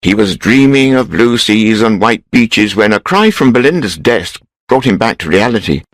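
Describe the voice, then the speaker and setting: Low male narrator, steady measured storybook reading, close and dry. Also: no echo, poor audio.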